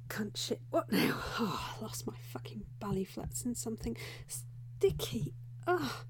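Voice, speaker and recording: A woman with a high-sitting voice whispers through a role-play as a flustered young undercover reporter. She sounds breathy and frantic, scolding herself and blurting out curses.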